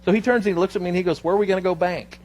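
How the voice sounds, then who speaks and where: Animated storytelling pastor, man. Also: high voice, very fast. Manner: storytelling, animated, quoting others in his anecdotes. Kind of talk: sermon. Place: church sanctuary.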